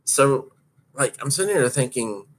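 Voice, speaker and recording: In a mid-range, expressive, slightly slow voice, a roller derby skater casually narrates a hard practice. He laughs a lot and swears freely as the story unfolds.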